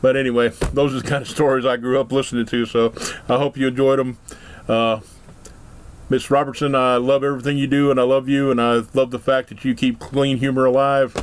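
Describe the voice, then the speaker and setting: A man's voice: mid-range voice, little pitch movement, a little fast, slight background noise. A man telling a long, folksy joke story in a rambling, casual way. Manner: rambling, folksy, full of fillers.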